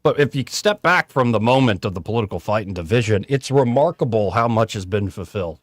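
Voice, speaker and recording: A man's voice: on the low side, expressive, fast talker, dry recording. A man hosting a talk radio show, giving conversational, opinionated commentary at a studio mic.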